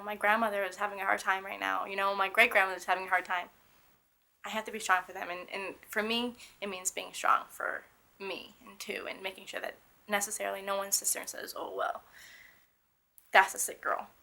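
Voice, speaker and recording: A young woman talks fast in a level, mid-range voice that is creaky, bright and forceful. In candid personal testimony she speaks earnestly and emphatically about living with a painful illness, often beginning her sentences again.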